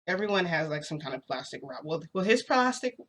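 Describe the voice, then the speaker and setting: A woman's voice: fairly low pitch, big pitch swings, a little fast. A woman vlogger telling a story in a chatty, rambling way, full of fillers. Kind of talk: casual storytelling vlog.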